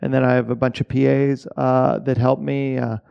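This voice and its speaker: A Canadian man who works as an assistant director talks loosely in a casual interview, rambling, restarting his sentences and swearing often. His mid-range voice is level in tone, gravelly yet smooth and darkish, and he speaks at normal speed. The audio sounds dull.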